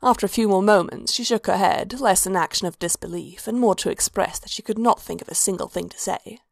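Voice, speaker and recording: A woman narrating a story aloud in a steady, low-key reading. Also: fairly quick, creaky, dry recording, studio quality. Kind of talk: storybook fan-fiction reading.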